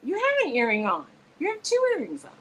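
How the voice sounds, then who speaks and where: A woman's voice: high-pitched, huge pitch swings, quick pace, fairly bright tone, slightly rough, rough recording. A woman co-hosting a live show, chatting casually with a friend, laughing easily and playing with how words are said. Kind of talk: casual chat between friends.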